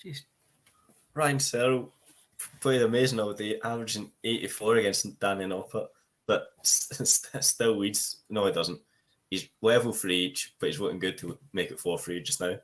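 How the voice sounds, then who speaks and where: Male co-commentator with a lower voice, relaxed and casual, talking to the chat between darts calls. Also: normal speed. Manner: relaxed, talks to the chat room. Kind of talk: casual sports banter.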